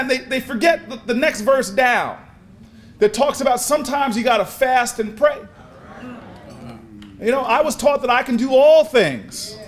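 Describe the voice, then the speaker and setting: A man with a very high voice gives an impassioned, preacher-style speech in a large convention hall. He is a speaker at a convention, telling stories with repeated words and building up to shouts.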